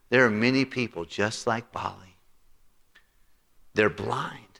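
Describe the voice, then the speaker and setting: A man's voice: mid-range voice, measured pace, creaky, long pauses, fairly bright tone. A male pastor preaching a sermon, telling stories and acting out the people in them. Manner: storytelling, acts out quotes.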